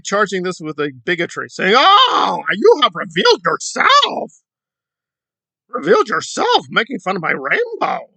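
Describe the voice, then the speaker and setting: Sarcastic guy doing reaction commentary, high gravelly voice, very dry sound. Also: pushed and bright, dry recording. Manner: sarcastic, mocking.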